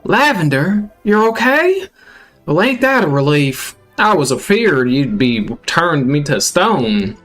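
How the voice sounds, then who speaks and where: A man voicing a weary, dutiful young country man in a put-on Southern US drawl, soft and polite. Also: fairly high pitch, very animated, slow pace, soft background music, voice pushed up, exaggerated voice.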